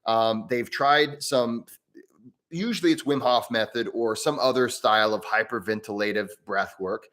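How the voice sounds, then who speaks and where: A man hosting a live stream on breathwork, answering viewer mail in a casual, rambling way with many restarts and easy laughs. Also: normal speed. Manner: rambling and chatty, with frequent restarts and self-corrections; animated, with pitch jumping up and down.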